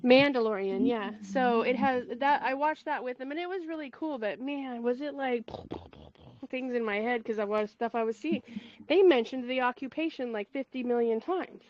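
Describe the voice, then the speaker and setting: Her voice sits high and moves at a moderate pace as she hosts a spiritual community call over a call mic. The recording is muffled, and she talks casually, wandering through asides and laughing frequently.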